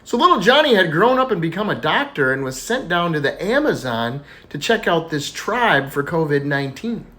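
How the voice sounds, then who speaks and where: A man telling dirty jokes in a casual style, animated and chuckling as he goes. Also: a little high, moderate pace, few pauses. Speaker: joke teller.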